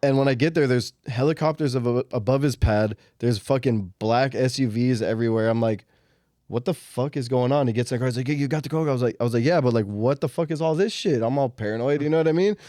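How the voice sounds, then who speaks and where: A man's voice: mid-range voice, quick pace, no room sound. Male podcast co-host, casual street tales, swears and laughs, dry close sound. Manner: animated, profane, laughing storyteller. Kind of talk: casual storytelling.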